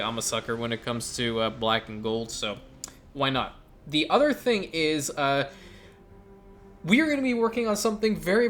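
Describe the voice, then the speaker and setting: A man hosting a gaming channel, giving casual, blunt let's-play commentary with occasional quick bursts of speech. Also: on the high side, fairly bright tone, slight background noise.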